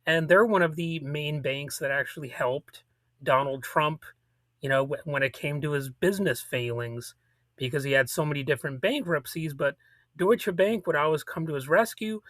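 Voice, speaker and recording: Bright-voiced man doing rambling political commentary. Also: on the high side, moderate pace, no room sound. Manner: rambling, sarcastic, many fillers and restarts.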